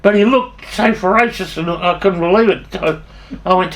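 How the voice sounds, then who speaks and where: With a high voice that's a bit bright and a measured pace, an older Australian storyteller rambles through salty tales of his past. He curses openly and often starts sentences over.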